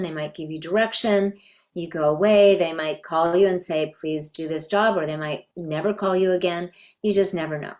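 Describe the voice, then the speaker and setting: A middle-aged woman from Canada, a voice actress, thoughtfully telling stories in an interview. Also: deep voice. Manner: reflective, thoughtful storytelling. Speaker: voice actress guest. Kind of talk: reminiscing interview.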